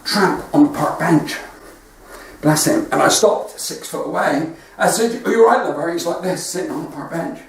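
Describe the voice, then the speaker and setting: A man's voice: fairly high pitch, normal speed, vocal fry. West Country man telling jokes, very echoey. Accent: West Country English. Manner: chatty storytelling with quoted dialogue. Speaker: stand-up comedian. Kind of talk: stand-up comedy livestream. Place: front room at home. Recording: very echoey room, distant mic, faint noise.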